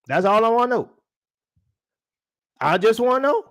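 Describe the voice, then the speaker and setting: A man preaches to his online audience with a high voice that swings widely up and down. He talks in a loose, slangy way and keeps throwing questions at his listeners. His delivery stays energetic throughout. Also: normal speed. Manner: animated, rhetorical questions to the audience; slangy, calls the audience y'all. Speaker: preacher and livestream host. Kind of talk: preaching on a livestream.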